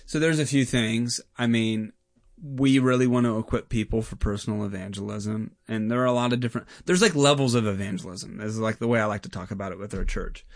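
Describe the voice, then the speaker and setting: Earnest pastor talking fast with fillers. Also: male voice, lowish voice, no echo, studio quality. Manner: earnest, animated, many fillers like "like" and "I mean". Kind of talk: casual conversation.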